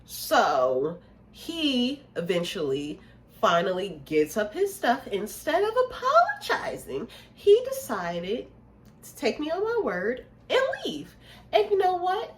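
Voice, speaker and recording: A woman vlogger telling a storytime tale in an emphatic way, repeating phrases for effect. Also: lowish voice. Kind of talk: storytime vlog.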